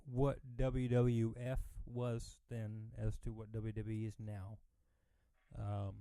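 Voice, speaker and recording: A man's voice: lowish voice, monotone, slow, mellow, smooth, dry recording, low-quality recording. A man hosting a wrestling podcast, asking questions with many ums and restarts. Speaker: podcast host.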